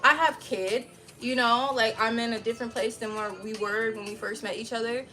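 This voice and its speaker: A woman in her thirties with a high, bright, sharp voice vents to her livestream viewers. She tells her story bluntly and animatedly, swearing freely, and faint music plays underneath. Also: steady tone, moderate pace, poor audio. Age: 30s. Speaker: livestream host. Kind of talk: casual venting to viewers.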